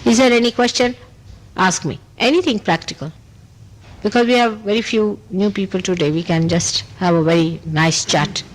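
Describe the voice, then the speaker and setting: Recorded roughly on an old tape, an Indian-accented woman gives a spontaneous spiritual talk, emphatically responding to questions. She talks at normal speed, animated and emphatic, pitch going up on key points, relying on short repeated phrases and a frequent "you see."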